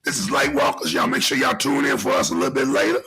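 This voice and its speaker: A middle-aged man hosting a podcast, talking in an animated, preachy way with lots of repetition. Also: medium pitch, fast, creaky, husky, poor audio. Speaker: podcast host. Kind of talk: casual podcast monologue.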